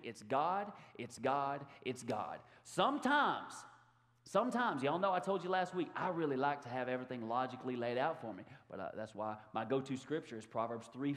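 A man preaching a sermon to his congregation, animated and given to sudden loud outbursts. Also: mid-range voice. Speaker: pastor. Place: church sanctuary. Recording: long hall reverb.

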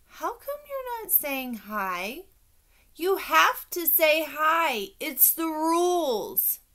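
A woman's voice: sits high, very animated, drawn-out words, bright, forceful tone, pitched above the performer's own voice, heavily acted. A woman voicing a bossy, scolding little girl classmate in an audiobook.

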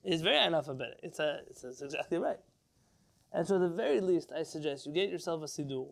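Male rabbi teaching, fairly high voice, gravelly fry, lively questioning style. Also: fast talker. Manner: lively, rhetorical, asks the class questions. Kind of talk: informal Torah lesson to a live class.

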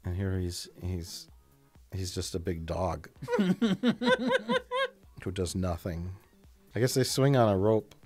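A man hosting a casual movie commentary, sarcastic and jokey, reacting out loud to what is on screen. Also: sits low, wildly swooping pitch, slow, pauses often, soft background music. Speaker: film commentary host.

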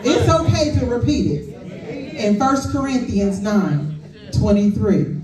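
A woman's voice: fairly high pitch, expressive, slow pace, a little mellow. An older woman minister preaching a sermon, emotional, leading the congregation in call and response. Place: church sanctuary. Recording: echoey church hall from far off.

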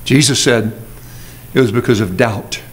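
A man preaching a sermon as a pastor, earnest, moving between quick asides and slow, emphatic phrases. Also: medium pitch, a little hiss or hum. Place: church sanctuary.

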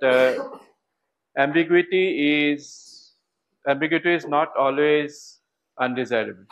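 A man with an Indian English accent teaches a class in a lecture hall. His voice sits a little high for a man. He keeps asking the students questions and repeats words to drive a point home. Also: fairly bright tone. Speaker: university lecturer.

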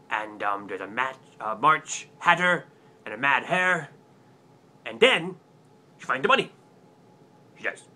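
A man's voice: mid-range voice, pushed and bright, heavily acted. A man playing a clueless, forgetful book-review host who rambles eagerly in a comic web sketch.

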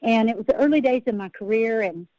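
A woman's voice: fairly high pitch, fast talker, mellow, dry recording, lo-fi sound, soft background music. A woman country singer-songwriter, a podcast guest, telling rambling, self-interrupting stories and laughing at her own tales.

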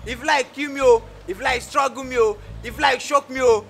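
A man's voice: very high voice, moderate pace, fairly bright tone, faint music behind. A man with a Nigerian accent playing a persistent, lovesick young male suitor who begs dramatically. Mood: pleading. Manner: pleading, begging, dramatic. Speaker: actor in a comedy skit.

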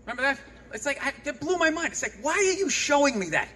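A man performing a stand-up comedy set, ranting sarcastically and breaking into shouts. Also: extremely high pitch, sing-song, fast talker. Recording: long hall reverb, audible noise.

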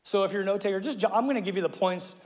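A man's voice: high-pitched, racing. A male pastor preaching a sermon in a casual, slangy way, acting out the people in his story and laughing often. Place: church auditorium. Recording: live hall with long reverb.

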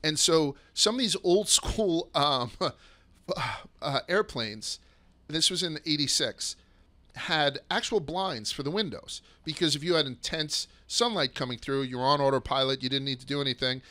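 A man hosting a podcast, telling stories in a casual, profane, excitable way that sometimes rushes and stumbles over his words. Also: a little high. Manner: rushes and restarts when excited. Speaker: podcast host. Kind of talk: casual storytelling chat.

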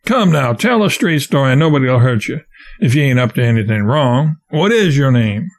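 A man reading the part of a gruff raftsman boss who questions a stowaway in a blunt, commanding way. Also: mid-range voice, animated, moderate pace. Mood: stern. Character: gruff grown raftsman boss, stern but fair.

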